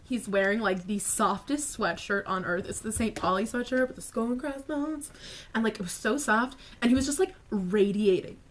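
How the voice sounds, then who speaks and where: A woman vlogger telling a personal story to camera in a casual, animated way, full of "like" and quick asides. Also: medium pitch. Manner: animated, filler-heavy retelling with lots of "like".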